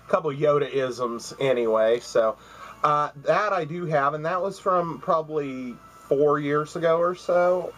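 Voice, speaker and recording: A man's voice: a little high, slight background noise, poor audio. A man recording a casual home video, rambling through stories about gifts with many fillers and restarts. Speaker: vlogger showing gifts. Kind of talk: casual chat. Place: at home by his computer.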